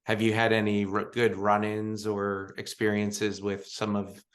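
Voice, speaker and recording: A man's voice: on the low side, monotone, unhurried. A man hosting a podcast interview, asking loose, meandering questions and laughing often. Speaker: podcast host. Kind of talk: casual interview chat.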